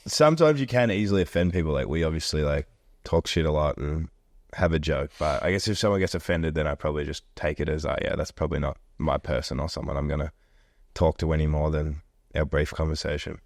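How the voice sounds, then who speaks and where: A man's voice: very deep voice, steady tone, fairly quick, dry recording, clean studio sound. A young man with an Australian accent, chatting casually as a podcast guest and often trailing off between thoughts. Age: young adult. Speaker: guest, college football player.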